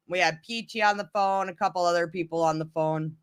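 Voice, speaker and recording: A woman's voice: lowish voice, steady tone, quick pace, smooth. A woman chatting casually to her viewers, telling a story in a rambling way, with many restarts.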